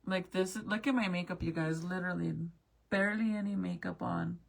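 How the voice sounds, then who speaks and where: A woman's voice: on the low side, steady tone, a little fast, vocal fry. A young woman chatting casually with viewers as she looks back through old family photos, swearing now and then. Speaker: mom vlogger.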